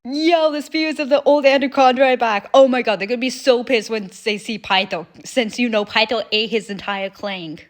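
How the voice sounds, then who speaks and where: A woman's voice: a little high, moderate pace, hardly any pauses. A young woman hosting a reaction video, chatting animatedly and swearing casually. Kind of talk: casual chat.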